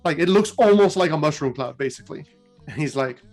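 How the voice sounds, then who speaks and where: A co-host casually retelling game lore in an animated, chatty way. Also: medium pitch, a little fast, soft background music. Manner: animated, chatty, laughs at own jokes.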